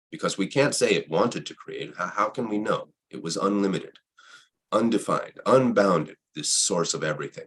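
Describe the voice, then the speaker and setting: Husky low-voiced man musing aloud. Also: normal speed. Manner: repetitive, asks himself rhetorical questions. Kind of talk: reflective spiritual conversation.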